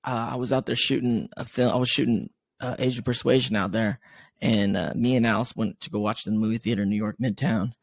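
A man's voice: mid-range voice, fairly even intonation, fast, creaky, no echo, clean studio sound. A man hosting a podcast, talking about films in an enthusiastic, rambling way with many fillers. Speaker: podcast host. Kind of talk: casual podcast chat.

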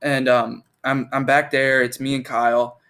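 A man's voice: medium pitch, level tone, moderate pace, a bit bright, clean tone. A young man telling a rambling story in casual chat, full of fillers and swearing.

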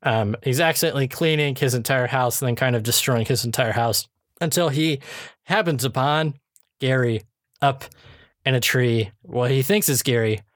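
A man's voice: mid-range voice, moderate pace, dry recording, clean studio sound. A man hosting a podcast in casual chat, chatty with many fillers and frequent laughs. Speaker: podcast host reviewing episodes.

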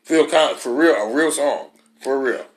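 A man co-hosting a casual chat, animated and reactive. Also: mid-range voice, moderate pace. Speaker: co-host.

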